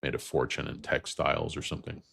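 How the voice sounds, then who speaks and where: A man's voice: rumbling low, fairly even intonation, fast, creaky, a bit bright, breathy edge, no room sound, studio quality. A man in his fifties hosting a stock livestream, rambling and joking off on tangents; he sounds tired and as if he is losing his voice. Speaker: host.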